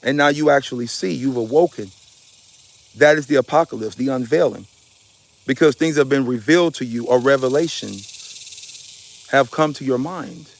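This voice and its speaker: Man, gravelly voice, emphatic spiritual talk, preachy, casual slang, y'all. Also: mid-range voice, normal speed, pauses often. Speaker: spiritual speaker. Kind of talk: impassioned spiritual talk to an audience.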